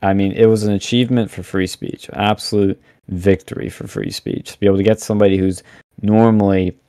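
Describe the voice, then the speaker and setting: Young man, low voice, dry sound, animated, blunt, filler-heavy podcast guest. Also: fairly quick, dry recording. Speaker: podcast guest, campus event organizer. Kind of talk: casual podcast interview.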